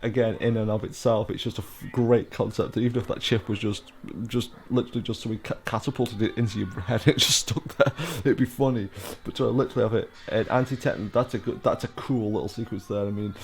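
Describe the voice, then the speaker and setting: Brief: British man, middle-aged, gravelly, rambling casual film commentary. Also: lowish voice, steady tone, quick pace. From United Kingdom. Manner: rambling, full of fillers and asides.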